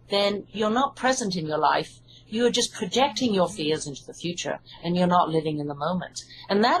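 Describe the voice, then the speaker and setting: English woman, hypnotherapist guest, lower register, earnest and reassuring, faint noise on the line. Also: poor audio. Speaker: hypnotherapist and author. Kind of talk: interview answers.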